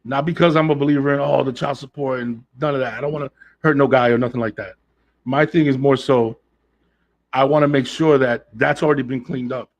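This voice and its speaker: A man's voice: medium pitch, fairly even intonation, brisk, a little hiss or hum. A man hosting a podcast in a casual, blunt and emphatic way, full of slang and swearing, talking straight to his listeners. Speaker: podcast host. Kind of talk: casual solo podcast talk.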